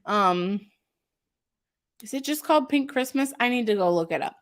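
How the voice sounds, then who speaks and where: This craft-shop owner's voice is on the high side and animated, moving at a normal speed. During her casual live stream, she gushes over her products with many "ums" and reads out and answers comments from viewers.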